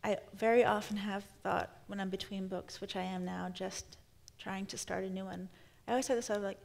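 Speaking onstage as a guest in a live conversation, this novelist in her thirties has a mid-range, somewhat dark voice with a creaky texture. Her delivery is steady and fairly brisk, and she reflects as she goes, often restarting her sentences.

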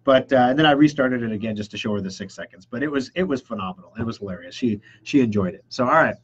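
A man's voice: medium pitch, lively intonation, quick pace, husky, highs cut off. A man hosting a computer repair show, chatting casually and enthusiastically as he answers viewer questions and acts out customers' reactions. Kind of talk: casual live-stream chat answering questions.

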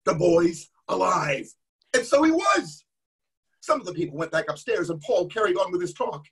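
A man's voice: sits high, sing-song, moderate pace, a bit bright, husky. A man telling an interactive story to an all-age church audience and cueing them to act along. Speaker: guest storyteller. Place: church service.

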